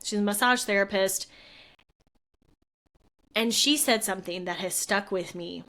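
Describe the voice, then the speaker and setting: A woman's voice: medium pitch, a little slow, a bit bright. Earnest woman podcast host. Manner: earnest, heartfelt, conversational with frequent fillers. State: tearful at moments. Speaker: physical therapist and podcast host. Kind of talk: solo podcast talk.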